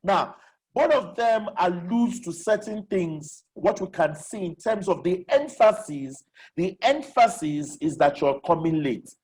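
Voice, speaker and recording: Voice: mid-range voice, lively intonation, unhurried, a little mellow, husky, rough recording. A presenter giving a live online lecture as facilitator, repeating key questions and checking that listeners follow. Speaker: webinar facilitator. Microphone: video call.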